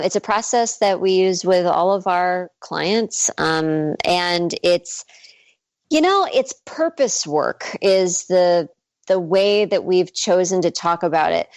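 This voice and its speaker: A woman's voice: on the low side, dry recording. A woman who works as a mindset coach and author, talking enthusiastically as a guest on a radio interview. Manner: enthusiastic, effusive, smiling as she talks.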